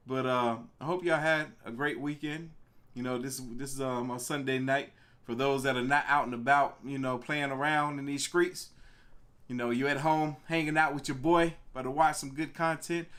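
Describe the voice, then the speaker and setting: A young man hosting a casual live stream, greeting viewers by name in an animated way. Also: normal speed. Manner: animated, greets viewers by name, pitch jumps on excited words. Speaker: live-stream reaction host.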